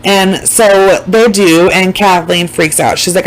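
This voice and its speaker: A vlogger recaps a documentary in casual chat straight to the audience, rambling loosely, swearing plenty, and repeating words for emphasis. His voice is medium-pitched and a bit bright, unhurried with few pauses, though the audio is poor.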